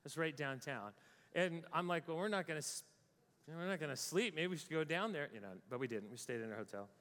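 Brief: American man, slightly high voice, lively storyteller to a crowd, long hall echo. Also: fairly quick. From United States. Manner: animated storytelling, acts out his own panic in a higher voice. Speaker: speaker. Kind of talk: storytelling talk to an audience. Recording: long reverb of a large hall.

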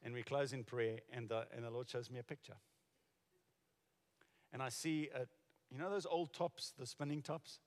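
Casting: middle-aged male pastor, mid-pitched, chatty storyteller, live church hall reverb. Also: steady tone, moderate pace, pauses often. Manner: storytelling, conversational with restarts. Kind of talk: sermon.

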